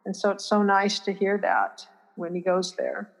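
A middle-aged woman at an ordinary pitch talks earnestly about caring for a family member. Her sentences restart and fade to a murmur. A long reverb hangs behind her voice. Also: level tone, normal speed, vocal fry. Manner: warm, earnest, trailing off into quiet restarts. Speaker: family caregiver, guest. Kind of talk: interview conversation. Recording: long reverb in a hall-like room.

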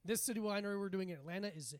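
A man co-hosting a comedy podcast, chiming in with quick jokes and easy laughter in casual chat. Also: high-pitched, dry recording.

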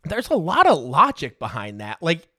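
A man's voice: on the high side, huge pitch swings, normal speed, bright, forceful tone, dry recording, studio quality. A man in his thirties hosting a podcast, telling casual stories, swearing freely and laughing through them. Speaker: podcast host. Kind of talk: casual storytelling.

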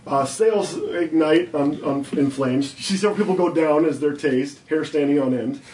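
A man's voice: fairly high pitch, mellow, distant mic. Man running a tabletop game, roomy and off-mic. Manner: explains rules, then slows down for vivid scene narration. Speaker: game master. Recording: roomy, a little off-mic, faint background hum.

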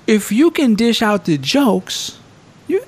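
A man hosting a podcast in casual chat, telling stories with slang and swearing, jumping up high to act out quotes, and laughing often. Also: slow pace, slightly rough. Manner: animated storytelling, acting out quotes in a raised voice. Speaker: podcast host.

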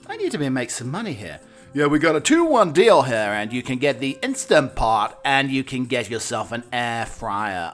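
A man's voice: mid-range voice, big pitch swings, normal speed, a bit bright. A man with a British accent rambling theatrically in a comic chat, a little out of breath. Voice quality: theatrical, jokey, rambling with restarts. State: slightly out of breath. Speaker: comic vlogger playing a butler persona. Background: background music.

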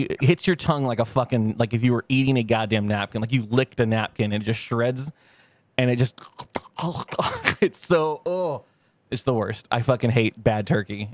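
A man's voice: medium pitch, dry recording. A man co-hosting a podcast, telling rambling, profane stories in casual chat. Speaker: podcast co-host.

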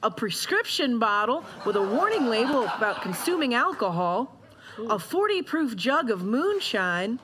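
A chirpy helper gadget voiced by a woman announces its tools in a bouncy, jokey sing-song. The voice sits high and swings widely in pitch. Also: sing-song, moderate pace, a bit bright. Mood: bubbly. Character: Toodles, cheerful talking helper gadget.

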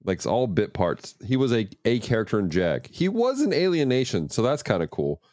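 A man's voice: medium pitch, sing-song, a little fast, a little mellow, no echo, clean studio sound. A man co-hosting a casual movie review podcast, rambling and mocking, full of fillers. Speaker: podcast co-host.

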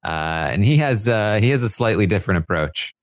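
Thoughtful podcast host with lively pitch. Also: no room sound, studio quality. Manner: measured, thoughtful, with many fillers. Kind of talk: reality show recap chat.

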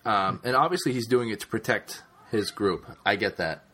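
A man's voice: fairly low pitch, moderate pace, a bit bright, breathy edge. Chatty man rambling with lots of ums. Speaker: podcast co-host. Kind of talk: casual chat.

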